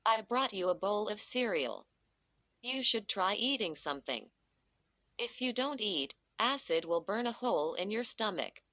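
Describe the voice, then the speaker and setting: A woman doing a brisk, caring mom. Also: medium pitch, expressive, a bit bright, no room sound. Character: cheerful, caring mother. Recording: dull lo-fi dry recording.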